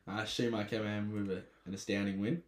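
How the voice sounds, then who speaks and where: A man's voice: lowish voice, little pitch movement, a little fast, reverberant. An Australian man hosting a podcast in casual chat, rambling through stories and laughing often. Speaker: podcast host.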